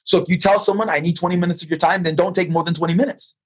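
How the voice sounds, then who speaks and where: A man being interviewed as a guest on a podcast, talking in a lively storytelling way, acting out dialogue and often repeating words as he restarts. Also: sits high, very fast, breathy edge, rough recording. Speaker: guest, financial advisor.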